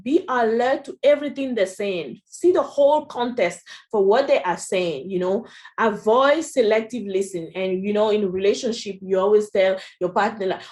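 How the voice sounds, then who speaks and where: At a normal speed and medium pitch, a woman with a darkish tone and a French accent presents a training session. Her delivery is chatty, peppered with "you know" and "right?", in her role as a workshop presenter.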